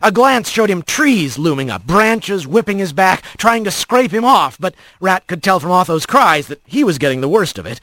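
A man's voice: high-pitched, very animated, normal speed, hardly any pauses, a bit bright, no room sound. A man reading a tense action story aloud as an audiobook narrator, close to the mic.

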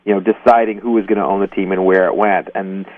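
Halting man on a tinny phone line. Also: low voice, flat delivery, no echo, distant mic. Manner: halting, full of ums and you-knows, hedging. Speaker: guest journalist. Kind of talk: phone-in interview.

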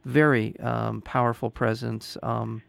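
A man's voice: medium pitch, level tone, unhurried, creaky, no room sound. A man hosting an interview, speaking hesitantly with many uhs and ums. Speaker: interview host. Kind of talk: casual interview talk.

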